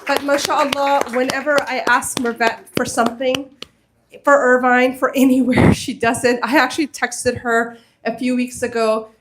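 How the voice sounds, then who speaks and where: A woman's voice: high voice, flat delivery, moderate pace, a little hiss or hum. A woman speaking as a community organizer at a mosque event, heartfelt and earnest, rising to urgent appeals to the audience. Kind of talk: impassioned speech to an audience.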